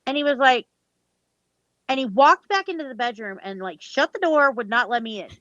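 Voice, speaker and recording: A woman telling a personal story in casual chat, animated and acting out quoted dialogue, with casual swearing. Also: fairly high pitch, normal speed, dry recording. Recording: dull lo-fi sound.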